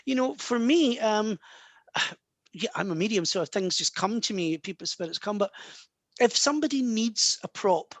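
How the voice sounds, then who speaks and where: In casual talk, a Scottish medium with a Scottish accent answers audience questions warmly and reassuringly, addressing listeners as "guys" and "love." His voice sits high with lively intonation and a fairly bright tone at a moderate pace, with no echo.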